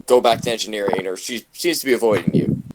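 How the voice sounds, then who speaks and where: A man acting as game master in a casual tabletop role-playing session, relaxed and a little hesitant. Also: lowish voice, fast, noisy background.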